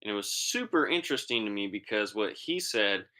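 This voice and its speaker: Man, young adult, podcast co-host, slangy casual chat, lowish pitch. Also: animated, fairly quick, sharp tone. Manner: laid-back and slangy, with many fillers.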